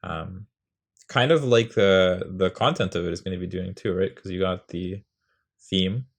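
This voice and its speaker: In a deep voice at a moderate pace, a young poetry tutorial host talks through how to write a poem. He rambles casually, pokes fun at himself, and tests out rhythms aloud.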